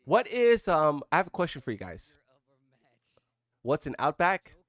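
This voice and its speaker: Dry, chatty higher-pitched male streamer. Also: big pitch swings, a little slow, dry recording. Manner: rambling, talks to chat, jumps in pitch when surprised. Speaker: live streamer. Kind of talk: casual live-stream chat.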